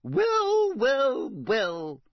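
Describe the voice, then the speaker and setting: A man voicing a fussy, plump female talking portrait in a high, sing-song, gossipy voice. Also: huge pitch swings, drawn-out words, no echo, clean studio sound, heavily acted.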